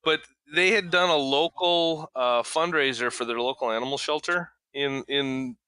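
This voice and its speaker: A man's voice: medium pitch, moderate pace, bright, forceful tone, clear, resonant tone, dry recording. A man co-hosting a casual podcast, rambling with stumbles and restarts as he tells stories. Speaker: podcast co-host. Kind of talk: casual banter among friends.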